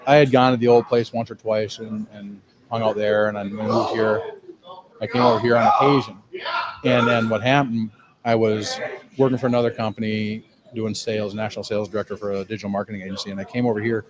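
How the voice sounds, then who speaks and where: A man's voice: lowish voice, steady tone, brisk, crowd noise, rough recording. A man, a cigar lounge owner telling a rambling, profane, self-mocking story in a lounge. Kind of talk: casual storytelling.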